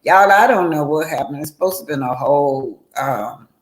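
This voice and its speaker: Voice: medium pitch, lively intonation, normal speed, roomy sound. A livestream host chatting casually to viewers, often apologizing and calling them y'all. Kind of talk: casual commentary chat.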